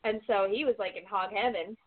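A woman's voice: medium pitch, fairly quick. A woman podcast guest chatting casually and chiming in. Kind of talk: casual chat. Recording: tinny phone-like line.

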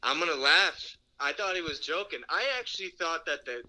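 A man's voice: fairly high pitch, moderate pace, pushed and bright. A man on a phone call, casually telling a rambling story with laughs and backtracks. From New York. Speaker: phone-in guest. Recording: phone line.

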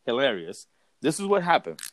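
A man's voice: medium pitch, sing-song, fairly quick, slight background noise, low-quality recording. A man in casual chat, animatedly telling a story and acting out what others said, laughing along the way.

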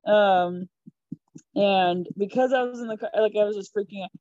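A young woman tells a personal story as a podcast guest, chatty and quick to giggle. Her voice is mellow and warm, recorded dry and close with a slightly dull, lo-fi sound. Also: mid-range voice, no room sound. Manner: chatty, giggly, animated retelling. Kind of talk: casual storytelling.

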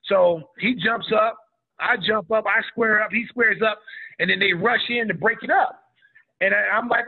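A man's voice: sits high, moderate pace, husky. A middle-aged man from Oklahoma telling a story in a casual interview, acting out what people said in a raised voice. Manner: animated storyteller who acts out quotes in a raised voice. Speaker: guest, former basketball player. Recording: tinny phone-like line.

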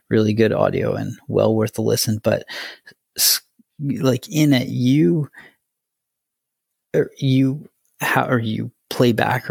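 Male podcast host, raspy with vocal fry, rambly and eager, recorded dry. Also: mid-range voice, no room sound. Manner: rambling, enthusiastic, lots of fillers. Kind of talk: casual interview chat.

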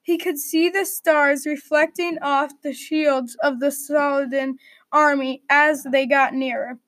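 A woman reading a medieval adventure story aloud at a steady read-aloud pace. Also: high-pitched, unhurried, no room sound.

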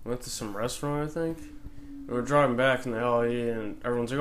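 A man's voice: medium pitch, fairly even intonation, fast. A man in casual chat, telling a story hesitantly with many fillers.

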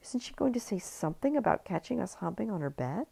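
A woman's voice: medium pitch, sing-song, fast, vocal fry, warm tone, slightly rough, voice pushed up, full character voice. A woman reading a story, voicing the anxious inner thoughts of a guilt-ridden young woman in breathless whispers. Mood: stunned.

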